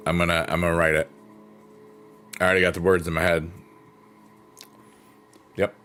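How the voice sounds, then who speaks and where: A man's voice: low voice, flat delivery, moderate pace, fairly bright tone, a little hiss or hum. A man streaming and rambling cheerfully in casual chat while he plays the piano behind his talk. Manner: rambling, upbeat, playful swearing. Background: piano music.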